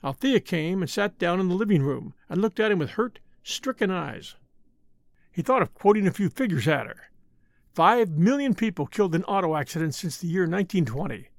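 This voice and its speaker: Man narrating with a gravelly, lively voice. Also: sits high, no room sound, studio quality. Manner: dramatic, expressive reading. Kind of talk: audiobook narration.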